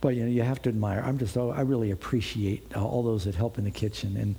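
A man's voice: lowish voice, fairly even intonation, fast talker, vocal fry, warm tone, slight background noise. A man preaching a sermon, reading Bible verses aloud and adding conversational asides to the congregation.

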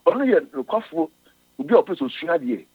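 A man with a fairly high, sing-song voice and a breathy edge preaches a sermon, reading scripture in English and explaining it in Twi. He halts and restarts often. The dry recording sounds like a tinny radio broadcast.

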